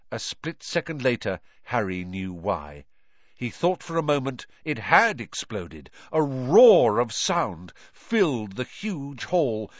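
Male audiobook narrator, bright and animated, dry dull track. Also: medium pitch, dry recording. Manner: animated, dramatic reading. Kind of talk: expressive storybook narration.

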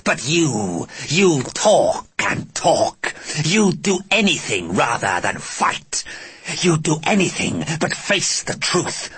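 A man voicing a menacing, contemptuous male alien warrior in an audiobook, with a slow, sneering, drawn-out delivery. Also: a little high, sing-song, a bit bright, breathy edge, voice pushed up, full character voice. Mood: taunting. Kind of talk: audiobook character voice.

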